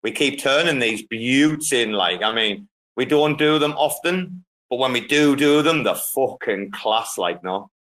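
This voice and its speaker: A man's voice: mid-range voice, animated, measured pace, few pauses, fairly bright tone. Profane, bantering male host. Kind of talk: casual chat.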